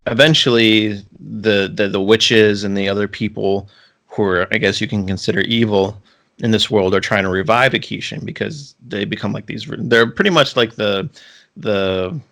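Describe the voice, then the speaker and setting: A man with a fairly low voice and vocal fry co-hosts a podcast in relaxed, casual chat at normal speed. He rambles through his points, restarting sentences and leaning heavily on "like" as filler.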